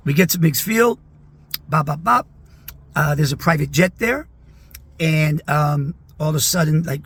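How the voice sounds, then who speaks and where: Man in his sixties with a husky, raspy high voice, spinning a chatty, meandering anecdote for viewers. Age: 60s. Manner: chatty, rambling, peppered with "like" and "okay?". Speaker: video storyteller. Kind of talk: casual anecdote told to viewers.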